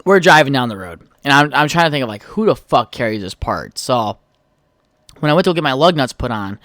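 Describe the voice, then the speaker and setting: A man's voice: medium pitch, lively intonation, a little fast, a bit bright, no room sound. A young man hosting his own podcast, telling a heated, profane story in a casual rant. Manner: profane, heated storytelling, trails off while texting. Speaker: podcast host.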